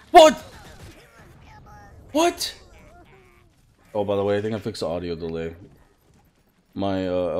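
A man's voice: sits low, dark tone. A young man live-streaming a video game, chatting with viewers between bursts of swearing at the game. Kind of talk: casual live gameplay streaming.

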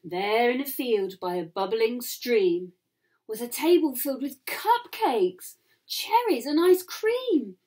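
Slow sing-song woman reading aloud. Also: on the high side, lively intonation. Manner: sing-song rhyming, soft asides to children. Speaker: children's author reading her book. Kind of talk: storytime picture-book reading.

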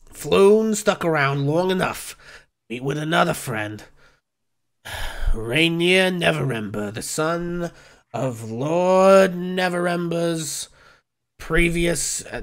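A man voicing a gruff, weary woman bartender in a rough tavern, with a northeastern United States accent. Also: on the high side. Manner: blunt, weary, sighing.

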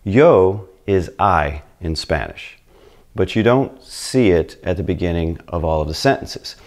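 A man's voice: low-pitched, lively intonation, measured pace. A man whose first language is English, teaching beginners in an upbeat video lesson and speaking straight to the learner. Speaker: Spanish teacher.

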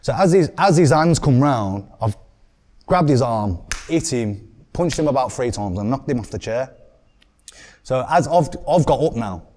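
A young man with a Birmingham accent, a podcast guest telling a story in an animated way, swearing often and acting out what people said. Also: mid-range voice, normal speed. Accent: Birmingham English. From England.

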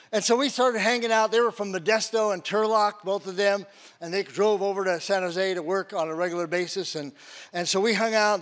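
High-voiced man telling a testimony sermon. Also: fairly bright tone. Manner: storytelling with acted-out quotes and laughs. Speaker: guest preacher.

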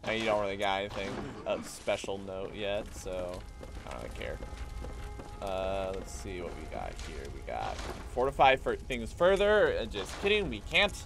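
Animated man streaming a video game. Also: low voice, normal speed, vocal fry. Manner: chatty, talks to viewers while playing, jumps between hype and mumbling. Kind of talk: live gameplay commentary. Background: game music.

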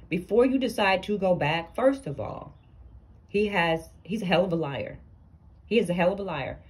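A woman with a lowish voice and tells a story to camera. She is blunt and sassy, and she lectures the people in the story as if they were in front of her. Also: a little slow, pauses often. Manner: animated, blunt, sassy, addresses people directly. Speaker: storytime vlogger. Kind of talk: casual storytime commentary.

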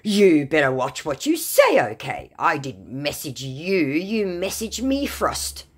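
A man's voice: on the high side, wildly swooping pitch, slow pace, husky, pitched above the performer's own voice, heavily acted. Woman putting on a touchy young scammer guy. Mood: angry, insulting. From Nigeria. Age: 20s. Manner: broken English, indignant and boastful. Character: young male romance scammer, touchy and defensive.

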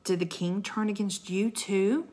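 A woman voicing an excited, eager young girl. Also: medium pitch, unhurried, pitched above the performer's own voice, close to an everyday voice.

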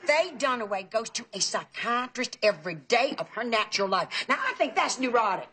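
Talkative aunt, high voice, noisy old TV audio. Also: female voice, big pitch swings, normal speed. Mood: chatty. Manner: chatty, fussy about pronunciation. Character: gossipy talkative Southern aunt, middle-aged. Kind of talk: sitcom acting.

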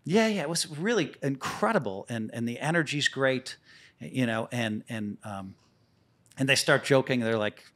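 A man as a guest on a podcast, telling lively stories in casual, profane talk that stumbles and restarts. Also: medium pitch, normal speed. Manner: animated, profane, repeats words as he restarts. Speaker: poker player guest. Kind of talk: casual storytelling.

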